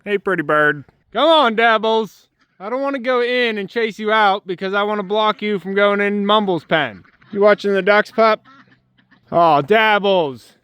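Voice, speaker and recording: A man's voice: high-pitched, moderate pace, few pauses, bright, forceful tone, clear, resonant tone, no room sound, highs cut off. A man narrating a casual homestead vlog outdoors in the snow, talking to his animals in a fond sing-song voice. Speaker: homesteader vlogger. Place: outdoors on a snowy farm.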